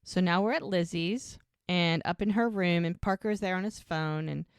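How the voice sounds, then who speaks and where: A woman's voice: on the low side, normal speed, clear, resonant tone, dry recording, clean studio sound. A woman co-hosting a podcast, casually recapping a TV episode and eagerly acting out the characters' lines as she retells each scene. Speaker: podcast co-host.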